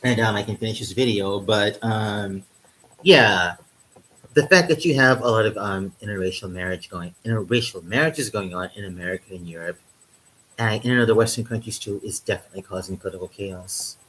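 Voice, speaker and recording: Low-voiced man in a rambling vlog. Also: a little fast, pushed and bright, low-quality recording. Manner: rambling, heavy um fillers, chuckles at own jokes. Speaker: vlogger. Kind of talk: casual comedic monologue. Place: indoors in Europe, drinking wine.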